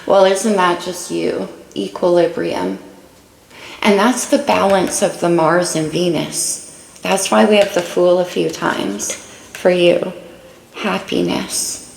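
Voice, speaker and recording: A tarot reader with a gravelly, mid-range voice chats in a warm-hearted, casual way about every card she turns. Her recording picks up room echo and a faint noise floor.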